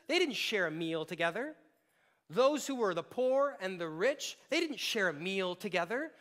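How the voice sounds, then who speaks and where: High-voiced male pastor preaching. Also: a bit bright. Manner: conversational, with playful asides. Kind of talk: sermon.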